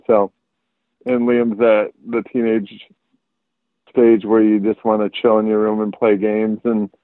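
A man's voice: on the low side, unhurried, no echo. A man, chatting casually on a podcast. He tells stories animatedly, acting out every quote. His voice comes through a tinny, phone-like line that sounds dry. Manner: animated storyteller, acts out quotes. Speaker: podcast guest.

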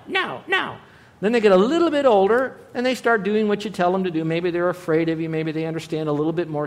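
Man, Bible teacher, earnest, conversational, softens often, fairly high voice. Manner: earnest, conversational, with frequent soft drops in volume.

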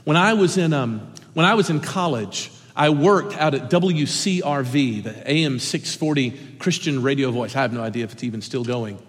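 A middle-aged man preaching an earnest sermon as pastor, swinging between impassioned points and sudden hushed asides. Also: medium pitch, normal speed, few pauses. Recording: long reverb of a large hall.

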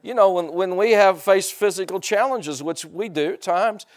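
A middle-aged man preaching in a loose, conversational style, his voice sitting a little high. He restarts and repeats words as he goes and keeps putting questions to the congregation. Now and then he flares up into loud bursts. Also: normal speed. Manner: asks the congregation rhetorical questions. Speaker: pastor. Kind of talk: sermon.

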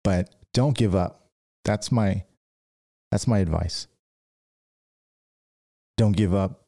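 A man's voice: deep voice, takes it slowly, vocal fry, mellow. A man hosting a podcast, giving rambling casual business advice and acting out stories. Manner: rambling, with restarts and acted-out stories. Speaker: podcast host, dent repair business owner.

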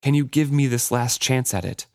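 A man's voice: mid-range voice, moderate pace, dry recording, studio quality, close to an everyday voice. A man reading as a scheming wounded sea captain. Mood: pleading. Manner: read aloud quietly from a book. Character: manipulative injured male ship captain.

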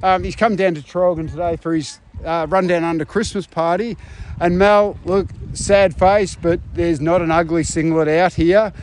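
High-voiced Australian man reporting outdoors. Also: fairly even intonation, moderate pace, darkish tone, a little hiss or hum. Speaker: roving reporter. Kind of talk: casual outdoor field report. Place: outdoors at a park event.

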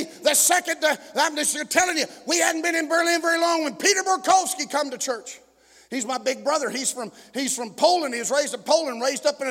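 A man from Texas, a pastor preaching a sermon and telling stories, swinging between shouting and quiet murmuring. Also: very high-pitched. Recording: long echoing hall reverb.

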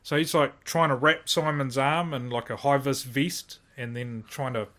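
A man's voice: medium pitch, normal speed. Chatty man telling stories as a podcast guest. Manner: animated storyteller, filler-heavy. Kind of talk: casual chat.

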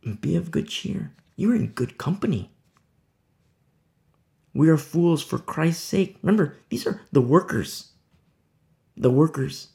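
A man preaching a sermon, firing rhetorical questions and swinging between loud, emphatic lines and hushed ones. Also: a little high, expressive, unhurried, gravelly, long pauses.

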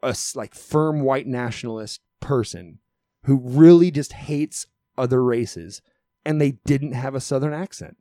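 A man's voice: medium pitch, unhurried, dark tone, no echo, clean studio sound. A man co-hosting a podcast in casual chat, rambling and profane, often repeating words as he builds a point. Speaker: podcast co-host.

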